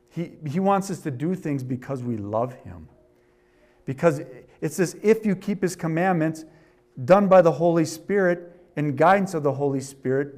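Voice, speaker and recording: A middle-aged man preaching a sermon. He reads a story aloud, rises in volume for scripture, and drops low for asides. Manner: varies loudness a lot, rising for scripture and dropping for asides. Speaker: pastor.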